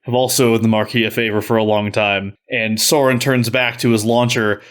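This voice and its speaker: A man's voice: medium pitch, flat delivery, fairly quick, clear, resonant tone. A man telling an improvised comic story on a podcast, easygoing with small hesitations. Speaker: podcast player.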